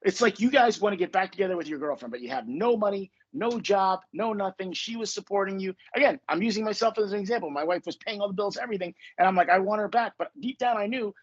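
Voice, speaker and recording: A man's voice: sits high, expressive, quick pace, hardly any pauses, muffled recording. A man hosting a podcast as a coach, talking casually in a blunt, emphatic way and swearing freely. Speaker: podcast host and manifestation coach.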